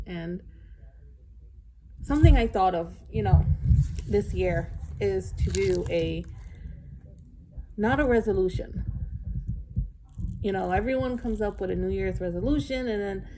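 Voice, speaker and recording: Slow, mellow-voiced woman chatting candidly. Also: lowish voice, creaky, a little hiss or hum. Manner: rambling and candid, with sighs and laughs. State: emotional. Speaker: vlogger. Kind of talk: casual chat.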